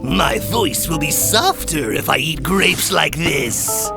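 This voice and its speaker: A woman's voice: animated, slow pace, creaky, full character voice. A woman voicing a big, sly, hungry male wolf in a children's cartoon, cackling and scheming. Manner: cackling, scheming, booming when he pounces. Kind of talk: children's cartoon storybook voice acting. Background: background music.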